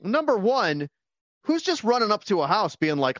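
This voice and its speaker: With a high-pitched voice at a moderate pace, a man co-hosting a podcast chats about a favorite film in a loose, rambling, animated way, putting on voices to quote its lines. The casual movie-review talk has no echo.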